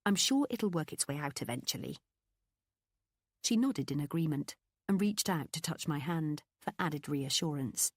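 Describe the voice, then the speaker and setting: A woman reading a first-person novel aloud as an audiobook narrator, in an expressive, confiding storytelling manner. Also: low-pitched, moderate pace, no echo, studio quality.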